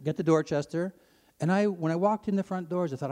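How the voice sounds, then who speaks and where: A middle-aged man from Ontario, earnestly telling his personal faith testimony to an audience, his voice climbing when he gets excited. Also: a little high, fast talker. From Ontario, Canada. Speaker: speaker sharing his testimony. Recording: long hall reverb.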